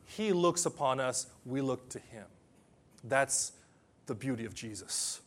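A man preaching a sermon to people whose first language is different, telling stories and then leading a quiet prayer. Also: mid-range voice, expressive, measured pace.

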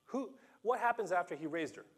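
A man preaching a sermon to a congregation, animated and playful, acting out the dialogue of the scripture story with laughs and asides. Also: high voice, a little fast, slightly rough. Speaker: pastor.

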